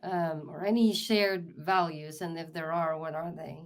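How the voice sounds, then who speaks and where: A woman's voice: low-pitched, fairly even intonation, unhurried. A woman interviewer asking short questions and giving listening sounds. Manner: attentive, prompting with short questions and backchannels. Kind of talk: casual interview talk.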